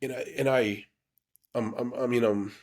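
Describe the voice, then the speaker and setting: Earnest man with a halting delivery. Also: medium pitch, fairly even intonation, darkish tone. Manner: halting, full of restarts and fillers; earnest and emotionally open. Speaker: YouTube channel host. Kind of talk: candid personal storytelling.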